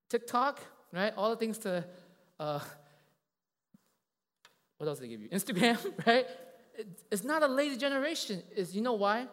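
A man preaching in a church, telling a story in a lively, conversational way and checking in with the congregation again and again. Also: high voice, in a large hall. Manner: animated, conversational, asks many tag questions. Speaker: pastor. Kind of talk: sermon with a told story.

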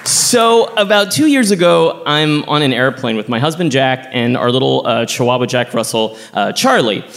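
A man from Texas telling a personal story on stage at a live show, animated and chatty, full of "like.". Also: medium pitch, moderate pace, vocal fry, in a large hall. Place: theater stage before a live audience.

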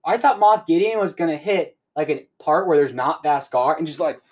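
Young male podcast host, casual and rambling, slightly raised pitch. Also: animated, moderate pace. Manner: rambling, heavy use of "like" fillers. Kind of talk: casual recap of a show episode.

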